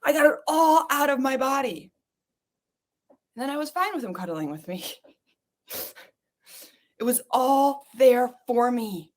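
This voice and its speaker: A woman's voice: high-pitched, measured pace, pauses often. A woman hosting a podcast, leading listeners through a guided exercise with urgent, coaxing, repeated commands. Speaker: podcast host guiding listeners.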